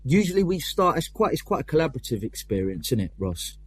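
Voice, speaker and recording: Pitched fairly high and swinging widely up and down, a young Londoner who sings and writes lyrics for a punk band chats loosely in an interview about how they write songs. He's quick, self-deprecating and prone to restarts and rambling, over a faint hiss or hum.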